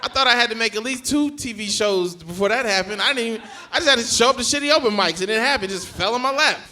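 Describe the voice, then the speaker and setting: A young man does stand-up crowd work in a long comedy club, speaking into a handheld stage mic. His voice sits high for a man and cuts through with a bright, forceful edge. He keeps a loose, profane back-and-forth going with the audience. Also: fast, slight background noise. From Georgia, USA.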